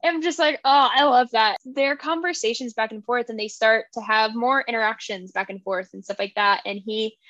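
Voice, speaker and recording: A young woman co-hosting a book podcast, chatting casually, excitable, often laughing and acting out quotes. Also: a little high, moderate pace, few pauses, no echo, muffled recording. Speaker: podcast co-host. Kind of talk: casual chat.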